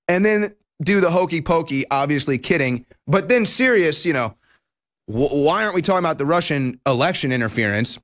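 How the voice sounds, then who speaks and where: Sarcastic, high-pitched male talk host. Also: very animated, moderate pace, a bit bright. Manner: sarcastic, mocking, emphatic. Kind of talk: political talk show commentary.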